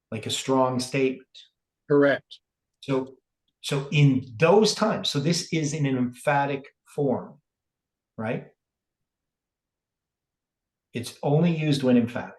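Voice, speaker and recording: A man's voice: mid-range voice, reverberant, low-quality recording. A man leading a word-by-word Bible study, thinking aloud with many fillers and checking in with "right?". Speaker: Bible teacher.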